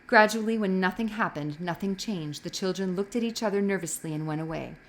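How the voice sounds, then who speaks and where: A woman reads a novel aloud in an expressive storytelling manner. Her voice sits mid-range, and she stumbles now and then but corrects herself. A faint hiss runs under the recording. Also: medium pitch, brisk. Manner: expressive reading with occasional slips. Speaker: reader.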